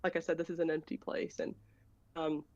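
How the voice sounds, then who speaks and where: A low-voiced woman caller tells a meandering, hesitant story on a video call to set up her question, speaking a little fast with a flat, slightly mellow delivery. She keeps restarting and using fillers. The dry recording has the dull sound of lo-fi call audio.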